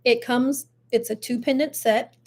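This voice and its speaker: Older female host, chatty, talks straight to viewers, a touch high-pitched. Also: fairly even intonation, measured pace. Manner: chatty, laughs often, addresses viewers directly. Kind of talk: casual live-stream chat.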